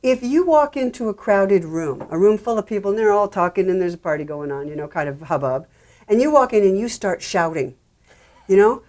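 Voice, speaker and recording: A woman guest in an interview, explaining song structure in an animated way and acting out her examples with repeated words. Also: mid-range voice, fairly quick. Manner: animated, acts out examples with repetition. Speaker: songwriting expert guest.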